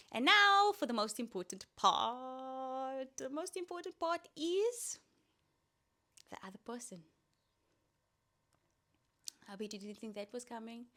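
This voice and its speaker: A woman hosting a solo podcast, giving casual, coaching talk with playful asides. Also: mid-range voice. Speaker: podcast host.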